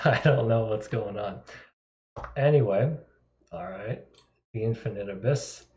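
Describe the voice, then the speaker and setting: A man with a lowish voice chats casually on a live stream, drifting between topics with wry, self-deprecating asides. His desktop mic sounds dull and lo-fi, and the room adds a clear echo. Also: unhurried, darkish tone. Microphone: desktop microphone.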